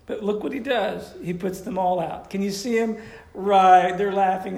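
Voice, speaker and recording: A man delivers a sermon in a conversational, questioning way. His voice is slightly high and gravelly. The room around him is echoey. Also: normal speed, darkish tone. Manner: conversational preaching, asks the audience questions. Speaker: pastor.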